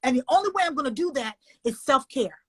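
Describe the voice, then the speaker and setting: Older woman, husky and highish, folksy and emotional interviewee on a video call. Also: quick pace. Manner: expressive, folksy, emotional, swings up high when animated. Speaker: children's book author and illustrator.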